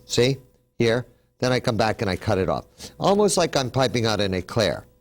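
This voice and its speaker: A man hosting a TV cooking demonstration, upbeat and chatty, explaining each step as he works. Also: medium pitch. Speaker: cooking show host.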